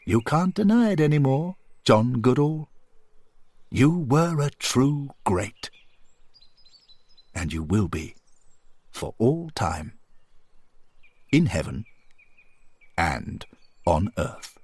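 A man voicing a kindly old male spirit who gently encourages and praises a friend. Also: mid-range voice, sing-song, takes it slowly, long pauses, pitched above the performer's own voice. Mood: solemn, proud.

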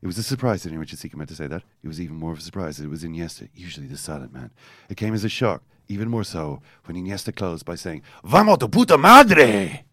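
A man hosting a podcast, telling a football story with animated, storytelling energy and reading quotes aloud. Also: rumbling low, rapid-fire, hardly any pauses, no room sound, studio quality. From Ireland. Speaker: podcast host. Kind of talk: casual football chat.

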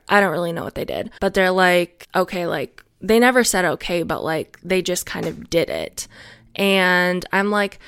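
A woman's voice: on the low side, fairly bright tone, clear, resonant tone, dry recording, studio quality. A young woman telling a story in a casual monologue, venting, swearing freely and filling her talk with "like". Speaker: podcast host.

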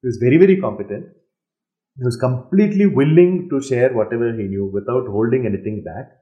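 A man's voice: mid-range voice, fairly quick, roomy sound, lo-fi sound. A man from Kerala speaking English with a Malayali accent, answering interview questions in a reflective way, with fillers and frequent laughs. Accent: Malayali Indian English. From Kerala, India. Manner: reflective, laughs often, many fillers and restarts. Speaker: interviewee, singer.

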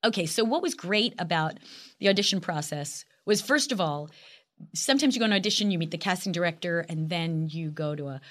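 A woman in her sixties, an actress and guest, chatting animatedly and telling lively stories in a casual interview. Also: lowish voice, fairly quick.

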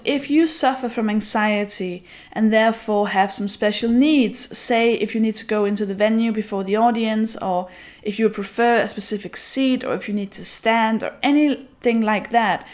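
A woman co-hosting a comedy podcast, talking in a relaxed way with filler pauses. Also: medium pitch. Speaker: podcast co-host. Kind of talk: comedy podcast plugs and promo message.

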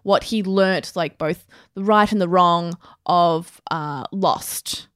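A woman's voice: fairly low pitch, slow, a bit bright, no echo, clean studio sound. An Australian woman co-hosting a podcast, chatting casually with firm opinions. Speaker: podcast co-host. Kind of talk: casual chat.

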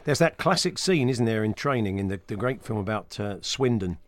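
A man's voice: lowish voice, lively intonation, fairly quick, dry recording. A man hosting a sports talk radio show in the studio, chatting and telling jokey stories.

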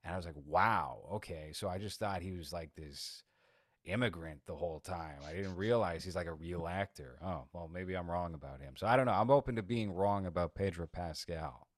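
A man's voice: sits low, fairly quick, no room sound, studio quality. A man co-hosting a podcast in casual chat, sarcastic and provocative. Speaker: podcast co-host.

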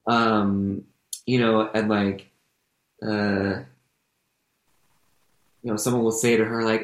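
A man's voice: lowish voice, little pitch movement, takes it slowly, pauses often. Rambling man, echoey room. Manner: rambling, full of fillers and self-corrections. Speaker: podcast co-host and stage performer. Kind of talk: casual chat.

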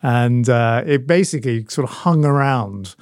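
A man's voice: mid-range voice, lively intonation, moderate pace, a little mellow, no echo, studio quality. Wry man musing on politics. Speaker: podcast co-host. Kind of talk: casual chat.

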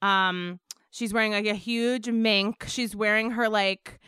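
A woman's voice: medium pitch, steady tone, bright, forceful tone, smooth, no echo, clean studio sound. A young adult woman, chatting casually, laughing often and acting out characters' lines. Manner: giggly, fast, acts out characters' lines in quotes. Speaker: podcast co-host. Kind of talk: casual chat recapping a TV episode.

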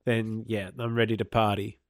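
A man co-hosting a music podcast with relaxed, teasing banter. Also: on the low side, normal speed, no echo, studio quality. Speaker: podcast co-host. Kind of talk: casual music podcast chat.

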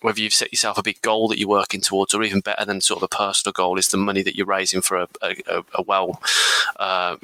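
Bright-voiced man chatting on a podcast. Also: low voice, quick pace, no echo. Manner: chatty, animated storytelling with restarts. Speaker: podcast co-host. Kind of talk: casual podcast chat.

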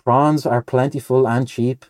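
A man's voice: mid-range voice, fairly even intonation, a little slow, a little mellow, lightly acted. A man doing a lovesick little poem creature. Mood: earnest. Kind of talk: reading a nonsense poem aloud.

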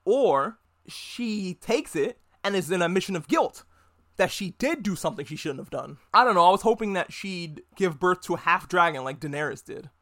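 A man with a notably high voice hosts a casual podcast recap. He jokes and swears his way through the plot. He slips into quick put-on voices for the characters' lines. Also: expressive, a bit bright. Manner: profane, joking, acts out characters in quick voices. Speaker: podcast host reviewing a TV episode. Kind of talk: casual recap with acted-out quotes.

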